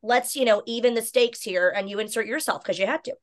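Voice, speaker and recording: A woman co-hosting a weekly web show, gushing and animated as she interviews a guest. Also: on the high side, fast. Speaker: podcast co-host. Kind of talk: casual interview chat.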